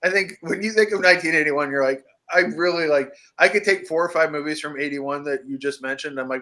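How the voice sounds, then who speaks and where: American male co-host, bright tone, animated and jokey, casual chat. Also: on the high side, fast, hardly any pauses. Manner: animated, jokey, laughs often. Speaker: podcast co-host. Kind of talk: casual chat about horror movies.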